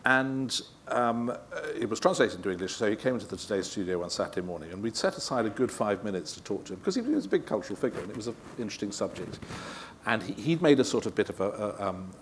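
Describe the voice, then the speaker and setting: Low-voiced man, chuckling storyteller. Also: lively intonation, quick pace, a little hiss or hum. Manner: self-deprecating, chuckling, rambling asides. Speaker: guest interviewer at a live event. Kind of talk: anecdotal talk answering audience questions.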